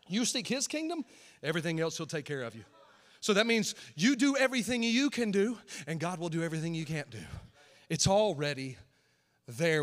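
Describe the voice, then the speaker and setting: A male pastor preaching a sermon, telling a story in an animated way, swinging from shouts to hushed asides. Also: high-pitched. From Nashville, Tennessee. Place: church auditorium. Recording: long hall reverb.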